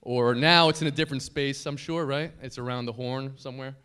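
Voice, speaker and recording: A man's voice: medium pitch, fairly even intonation, brisk, sharp tone, smooth. A man in his thirties, a broadcaster giving an anniversary dinner speech at a podium microphone, self-deprecating and funny but sincere and grateful. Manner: joking, self-deprecating storyteller; heartfelt, grateful tribute. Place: banquet hall dinner.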